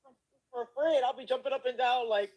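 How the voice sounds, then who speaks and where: A woman's voice: sits high, fairly even intonation, fairly quick, a little mellow, rough recording. A woman guest telling a casual story with frequent laughter, acting out the quoted dialogue. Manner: laughing often, bantering, acts out quoted dialogue.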